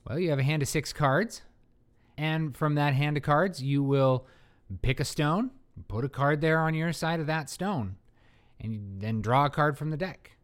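A man's voice: a little high, moderate pace. A man co-hosting a board game podcast, chatting casually in a joking, rambling, self-mocking way. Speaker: podcast co-host. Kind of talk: casual chat about board games.

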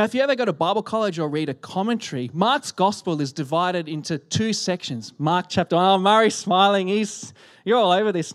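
Animated male preacher with hushed asides. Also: high-pitched. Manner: animated, swings from loud to hushed whispers. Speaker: pastor. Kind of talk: sermon. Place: church hall. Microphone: handheld microphone.

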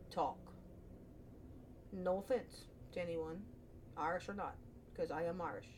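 A woman vlogs to camera in a loose, wandering monologue, her voice sitting a little low for a woman. She's chatty and pokes fun at herself, often dropping a sentence halfway and starting it over. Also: moderate pace, pauses often, mellow, a little hiss or hum. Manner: chatty, self-deprecating, trailing off and restarting. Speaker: vlogger. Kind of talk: casual rambling monologue to camera.

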